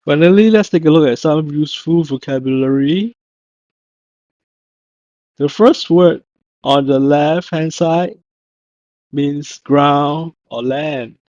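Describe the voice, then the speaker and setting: A man teaching a recorded language lesson, slow and deliberate, carefully repeating each word he pronounces. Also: fairly high pitch, a little mellow, no room sound. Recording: dull, dry lo-fi audio.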